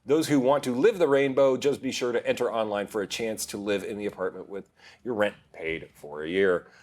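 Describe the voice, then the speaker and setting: A man's voice: fairly low pitch, brisk. A man co-hosting a TV entertainment show, reading news items and joking in casual chat. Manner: lively, joking. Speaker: TV entertainment co-host.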